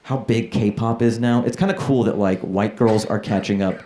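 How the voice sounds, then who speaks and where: A man's voice: lowish voice, normal speed, mellow, slight background noise. A man performing a stand-up comedy set, chatting loosely with the crowd and acting out voices. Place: comedy club stage. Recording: roomy club with crowd laughter. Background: laughing audience.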